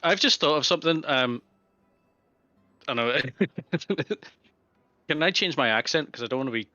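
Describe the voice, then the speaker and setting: Guy playing a tabletop game, bright lively voice, kinda dull dry lo-fi recording. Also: on the high side, unhurried, no echo. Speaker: player. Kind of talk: casual tabletop chat.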